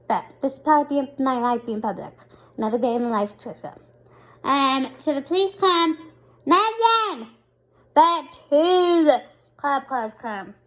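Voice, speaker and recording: A woman vlogger in her thirties, telling a story in a casual, animated and self-mocking way. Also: high-pitched, takes it slowly, pauses often.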